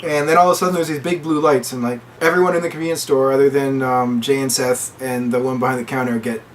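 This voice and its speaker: A man casually retelling a movie plot, with lots of "like" fillers, and he jumps into high voices to quote the characters. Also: steady tone, fast, distant mic, a little hiss or hum. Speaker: movie reviewer.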